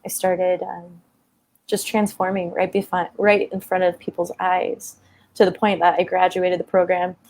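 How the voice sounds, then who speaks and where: A woman's voice: lowish voice, monotone, normal speed, darkish tone, slight background noise. A woman in her thirties telling a personal story in a conversation, open and emotional, with many fillers. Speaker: guest.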